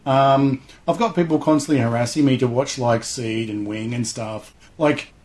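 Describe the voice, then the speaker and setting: A man's voice: medium pitch, moderate pace, darkish tone. A middle-aged man chatting casually in an interview, rambling enthusiastically and acting out little voices as he talks. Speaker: guest, hobby show host.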